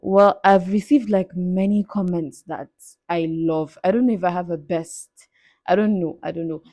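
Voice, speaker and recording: A young woman with a fairly low voice, chatting through a Q&A vlog. She is candid and playful and laughs often. The sound is dry and close. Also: fairly even intonation, normal speed, mellow, no room sound. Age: 20s. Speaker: vlogger answering viewer questions. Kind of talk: casual Q&A vlog.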